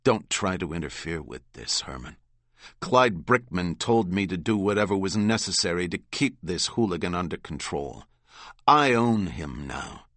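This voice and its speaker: A man's voice: low-pitched, lively intonation, moderate pace, a bit bright, no room sound, full character voice. A man reading an audiobook, voicing a brutal, bullying male overseer who threatens and mocks. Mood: menacing. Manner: threatening, mocking.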